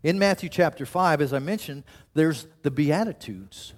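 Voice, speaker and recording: A man's voice: on the high side, expressive, moderate pace. A man preaching a sermon in a conversational way, often restarting his sentences and acting out quotes. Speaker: pastor.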